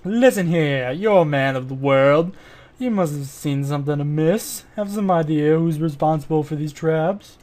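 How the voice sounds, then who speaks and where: A man's voice: a little high, normal speed, darkish tone, natural voice. A man voicing a stern, formal male police inspector in a mystery game, attempting a Scottish accent. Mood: probing. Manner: formal, probing questions.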